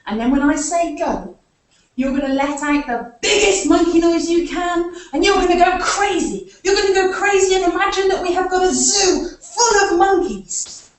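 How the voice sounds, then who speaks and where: A woman's voice: very high-pitched, moderate pace. A woman leading a live story time for young children, playfully asking them to join in with actions. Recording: echoey room, far from the mic.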